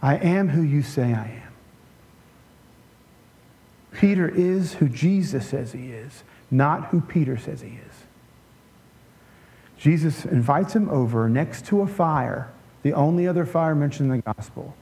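A man preaching a conversational sermon in a relaxed way, with joking asides and frequent restarts. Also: a little high, moderate pace. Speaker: pastor.

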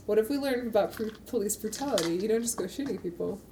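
A woman co-hosting a podcast in casual chat, animated and swearing, quick to laugh. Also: mid-range voice, slight background noise. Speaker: podcast co-host.

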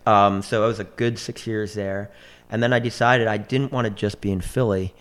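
A man's voice: lowish voice, steady tone, moderate pace. A man in his forties, a chef, telling long rambling stories in casual conversation, full of restarts and quoted dialogue.

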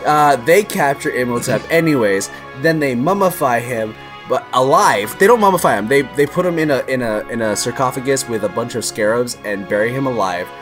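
A young man casually recapping a film on a podcast, animated and laughing as he tells the story. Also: medium pitch, fairly quick, few pauses, music in the background.

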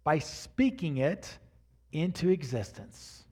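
A middle-aged man preaching a sermon to a congregation, talking straight to them and building to near shouts at the peaks. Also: on the high side, sing-song, takes it slowly, slightly rough. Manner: addresses the congregation directly. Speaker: pastor. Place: church sanctuary before a congregation.

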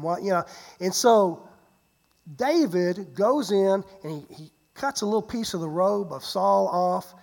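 A pastor preaching a sermon, retelling a Bible story with animated swings between loud and hushed delivery, often repeating and restarting words. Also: mid-range voice, measured pace, creaky.

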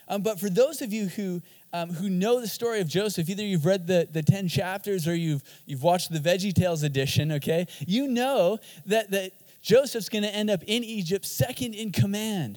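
A man preaching a sermon in an energetic, joking and emphatic way. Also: high voice, brisk, long reverb tail. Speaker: pastor.

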